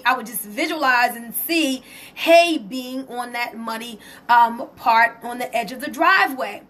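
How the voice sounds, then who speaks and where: A woman hosting a casual live stream, excited and emotional as she talks to viewers and reads their comments aloud. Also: sits high, normal speed. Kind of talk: casual Facebook Live testimony.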